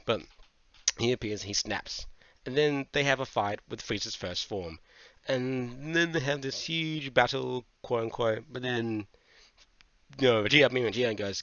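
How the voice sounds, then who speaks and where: Excitable swearing man reviewing manga. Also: mid-range voice, normal speed, no echo. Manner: animated, swears a lot, goes on tangents. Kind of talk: casual review monologue. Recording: dull lo-fi dry mic.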